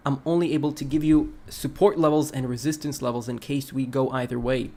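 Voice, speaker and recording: A man of ordinary middle pitch hosts a live crypto stream. He talks through charts in a relaxed, conversational way and stops now and then to read viewer messages aloud. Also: fairly quick. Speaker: crypto livestream host. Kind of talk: casual livestream chart analysis.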